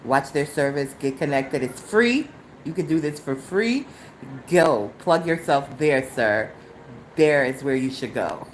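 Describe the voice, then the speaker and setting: Middle-aged woman, podcast host, animated storyteller, mocks in low tones, rises high in indignation, faint background hiss. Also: measured pace, rough recording. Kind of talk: solo live podcast monologue.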